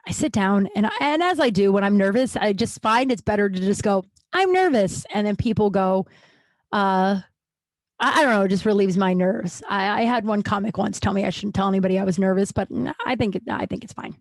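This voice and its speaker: A woman's voice: a little fast, no echo. Frank chatty woman telling a story. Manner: frank, chatty, acts out quoted people with pitch jumps; profane, lots of likes and restarts. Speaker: podcast host. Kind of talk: candid storytelling monologue.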